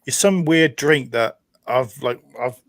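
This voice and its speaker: A man's voice: mid-range voice, slow, a bit bright, no room sound. A chatty man co-hosting a live stream, greeting viewers and reading out chat messages. His voice sits in a middle range and sounds dry, with the mic close. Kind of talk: casual chat.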